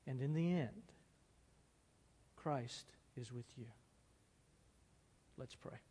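A man's voice: mid-range voice, slow, warm tone, in a large hall, a little hiss or hum. A male preacher giving a sermon, reading from a novel with earnest and dramatic emphasis.

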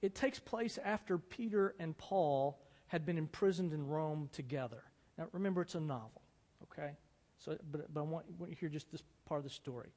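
An earnest male preacher delivers a sermon with a slightly high voice. A long reverb from a church hall trails behind every phrase. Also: a little fast, few pauses, darkish tone. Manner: earnest, rising to dramatic emphasis when reading. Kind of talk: sermon with dramatic reading.

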